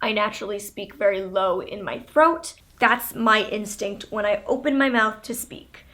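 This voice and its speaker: A woman in her twenties from Canada, chatting candidly to camera and telling a story about her childhood in a relaxed, conversational way. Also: mid-range voice, moderate pace. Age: 20s. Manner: chatty, candid, with laughs and fillers. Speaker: YouTuber.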